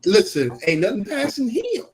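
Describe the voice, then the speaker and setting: A man hosting a casual chat podcast, telling stories in an animated way and acting out voices. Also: sits high, moderate pace, crowd noise. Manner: animated storyteller, acts out voices. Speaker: podcast host.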